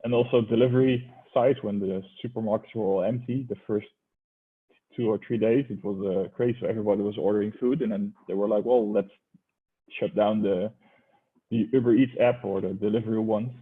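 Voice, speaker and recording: A man speaking in a hesitant, halting way in a casual online meetup. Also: lowish voice, steady tone, husky. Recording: tinny phone-like call line.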